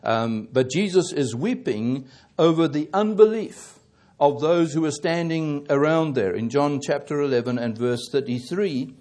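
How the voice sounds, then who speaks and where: A man preaching a sermon, halting and correcting himself often, growing more emphatic as he presses his points. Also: on the high side, animated, darkish tone. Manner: halting, with many fillers and self-corrections.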